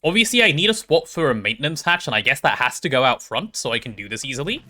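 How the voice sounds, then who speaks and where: A man streaming a game, chatting casually with his chat and thinking out loud as he plays. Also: medium pitch, very animated, fast talker. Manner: chatty, thinks aloud while playing and answers chat.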